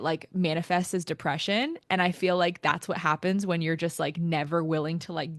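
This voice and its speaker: A woman hosting a podcast talks in a fairly low voice, casual and reflective. Her sound is dry and close, with no room around it. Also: no echo. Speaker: podcast host.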